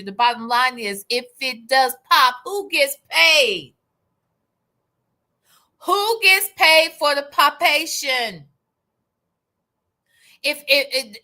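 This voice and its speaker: A woman's voice: extremely high pitch, sharp tone. A woman hosting a live stream, giving casual commentary in a sassy, profane and dramatic way.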